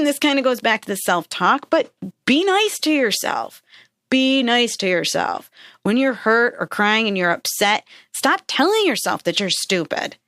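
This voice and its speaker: A woman with a medium-pitched, fairly bright voice hosts a podcast, recorded clean in a studio with no room sound. Her motivational self-help advice is earnest, encouraging, and casual, and she keeps checking in with "right?" and "okay?".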